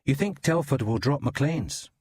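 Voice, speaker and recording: A man's voice: medium pitch, expressive, a little mellow, slightly rough, dry recording, voice pushed up. A man doing a blunt Scottish detective. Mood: probing. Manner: probing, brisk questions. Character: blunt Scottish male detective inspector, dogged.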